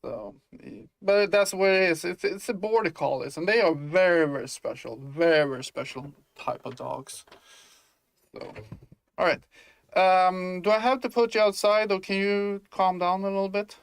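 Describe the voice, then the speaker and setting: A man's voice: sits high, normal speed, smooth. A man chatting casually in a game-dev vlog, rambling with many fillers and restarts, thinking aloud as he works. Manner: thinks aloud while working. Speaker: indie game developer. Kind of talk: casual dev-log chat.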